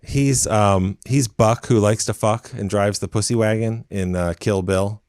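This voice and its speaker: A man co-hosting a podcast, talking bluntly about a film with lots of quick restarts. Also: fairly low pitch, steady tone, darkish tone, smooth, no room sound, studio quality. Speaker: podcast co-host. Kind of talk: casual film review chat.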